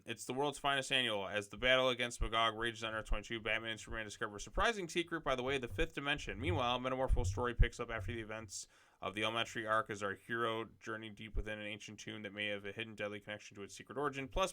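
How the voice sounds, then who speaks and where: A man hosts a laid-back commentary video, reading blurbs aloud and then adding loose, off-the-cuff remarks. His voice is bright and crisp, with a smooth, clear tone. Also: on the low side. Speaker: comics video host. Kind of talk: casual commentary reading comic solicitations.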